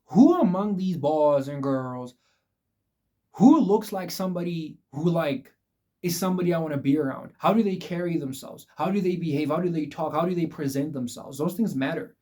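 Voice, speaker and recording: Young male vlogger, fairly high but mellow voice, blunt and repetitive, preachy advice. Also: animated, normal speed. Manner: emphatic, repetitive, addresses viewers as guys. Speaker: vlogger giving life advice. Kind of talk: casual direct-to-camera advice talk.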